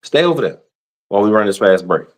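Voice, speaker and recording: A man co-hosting a sports talk podcast, in slangy, animated casual chat. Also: lowish voice, fast. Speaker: podcast co-host.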